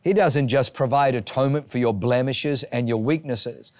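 A man's voice: mid-range voice, normal speed, no echo. Male preacher, dry close sound. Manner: animated storytelling, acts out voices. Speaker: pastor. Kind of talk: sermon.

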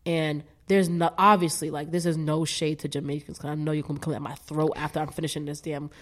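A woman's voice: deep voice, little pitch movement, a little fast. A young woman raised in the US with a Barbadian family, chatting candidly as a guest, swearing freely and laughing often. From United States, Caribbean American family from Barbados. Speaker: podcast guest. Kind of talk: casual chat.

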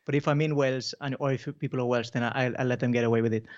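A man's voice: medium pitch, steady tone, very fast, dry recording. Chatty comedian man, dull lo-fi sound. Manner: chatty, jokey storyteller. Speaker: comedian guest. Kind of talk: casual podcast chat.

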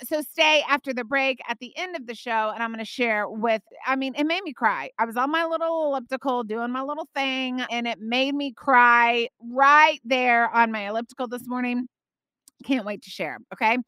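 Chatty middle-aged woman, podcast host, high and bright, dry close mic. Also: no room sound. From Texas. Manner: chatty and effusive, says y'all and okay a lot. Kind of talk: casual faith podcast chat.

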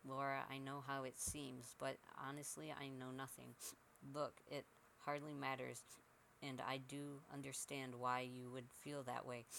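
A man's voice: mid-range voice, vocal fry, bright, forceful tone, slight background noise, low-quality recording. A man voicing a distraught middle-aged mother who pleads tearfully, in a narrated horror story. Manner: pleading, emotional.

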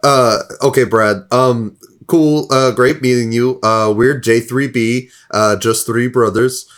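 Man as tabletop player, slow, hesitant, full of fillers. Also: medium pitch, steady tone, fairly bright tone. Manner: hesitant, halting, many fillers. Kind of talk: casual tabletop play.

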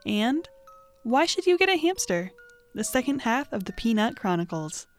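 A woman's voice: on the high side, sing-song, moderate pace, faint music behind. A young woman hosting a student podcast, reading a script with wry asides to the listener. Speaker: student podcast host and reporter.

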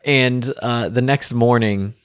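A man's voice: mid-range voice, slow, clean tone, dry recording, clean studio sound. Man telling funny family stories. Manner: animated storyteller, puts on kids' voices. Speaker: podcast co-host. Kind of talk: casual chat.

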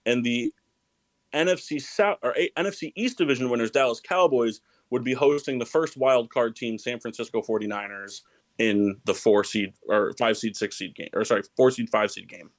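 A man's voice: medium pitch, moderate pace, dry recording, rough recording. Rambling man hosting a sports podcast. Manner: rambling, self-correcting, laughs often. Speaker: podcast host. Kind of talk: casual sports podcast chat.

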